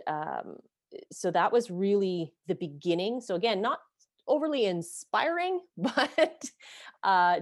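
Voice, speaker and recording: Frank low-voiced woman, swearing freely. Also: dry recording, studio quality. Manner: blunt, swears freely, self-deprecating. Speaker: podcast host being interviewed. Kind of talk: candid personal storytelling.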